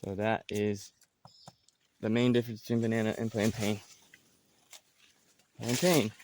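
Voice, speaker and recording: A man's voice: on the low side, level tone, unhurried, background noise. A man giving a casual outdoor tour of his farm, talking loosely with many fillers and restarts. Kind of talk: casual walking tour narration.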